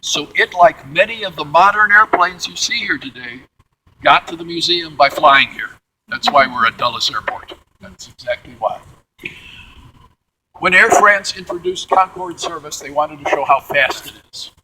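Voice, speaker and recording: A man from the Midwest, guiding a museum tour and telling stories in an animated way. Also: fairly high pitch, moderate pace, background noise. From Midwestern United States. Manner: animated, acts out quotes in character voices. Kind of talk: storytelling tour talk. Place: large museum hangar, indoors.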